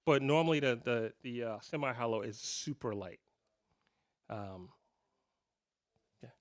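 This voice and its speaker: A man's voice: medium pitch, lively intonation, unhurried. A man in his fifties telling rambling, self-deprecating stories at a guitar clinic, with many restarts. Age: 50s. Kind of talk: casual storytelling to a live audience. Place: guitar shop clinic room.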